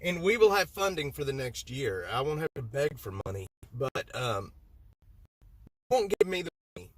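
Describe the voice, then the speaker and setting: A man's voice: mid-range voice, very animated, normal speed. A man hosting a livestream from inside a vehicle, talking heatedly in circles and repeating himself as he answers viewer comments. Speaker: livestream host.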